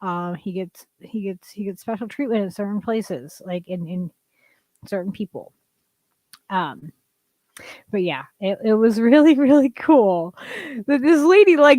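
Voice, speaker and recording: A woman co-hosting a casual livestream, rambling and chatty with lots of "like" and quick laughs. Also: mid-range voice, dark tone, dry recording. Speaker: co-host.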